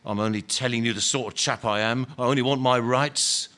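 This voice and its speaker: A man's voice: mid-range voice, fairly even intonation, a little fast, pushed and bright, close to an everyday voice. A man voicing an indignant, aggrieved old ghost. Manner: indignant, insistent, ungrammatical working-class talk. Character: bitter aggrieved male ghost, former workman, self-righteous. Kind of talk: dramatic reading of a novel.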